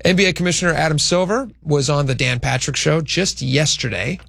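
Radio host guy chatting, gravelly voice a bit high, dry close mic. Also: brisk, a bit bright, dry recording. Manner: chatty, rambling, asks cohost questions. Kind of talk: casual talk radio banter.

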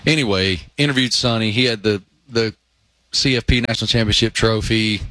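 A man who is a guest on a sports talk show, telling animated anecdotes with many fillers. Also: lowish voice, a little fast, no echo. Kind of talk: casual sports chat.

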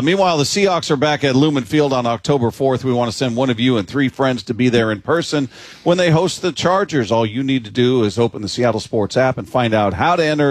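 A man hosts a live sports radio show in a brisk, teasing manner. His mid-pitched voice sounds dry and close. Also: dry recording. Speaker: radio host. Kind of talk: radio hosting and live read.

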